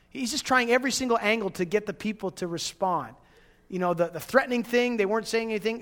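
High-voiced preacher in an echoing hall. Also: male voice, animated, a little fast, a bit bright. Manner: conversational, storytelling, with laughs and repeated words. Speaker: pastor. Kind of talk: sermon.

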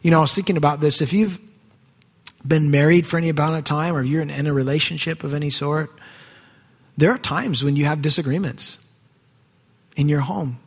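A male pastor preaching a sermon in a church, conversational, swinging from quiet asides to raised emphasis. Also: fairly high pitch, a little fast, gravelly, long pauses, breathy edge. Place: church sanctuary. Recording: long hall reverb.

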